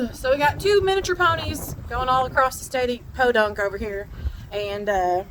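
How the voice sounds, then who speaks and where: A woman telling a ranch story in a casual vlog, animated and laughing, shouting out the quoted lines. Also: high-pitched, normal speed, a little hiss or hum, rough recording. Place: outdoors on a ranch.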